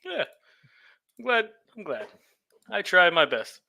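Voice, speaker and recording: A man plays an eager young wizard student in a tabletop game, friendly and earnest. His voice is bright and sits a little high, and he pours on the praise. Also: very animated, slow, vocal fry, full character voice.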